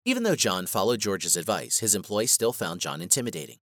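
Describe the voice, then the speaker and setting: Lively low-voiced man narrating a lesson. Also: fairly quick, dry recording, clean studio sound. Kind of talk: scripted instructional narration.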